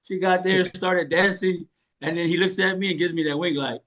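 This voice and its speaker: A man hosting a casual chat, telling a personal story in a relaxed, joking way and laughing often. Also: high-pitched, moderate pace. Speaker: host.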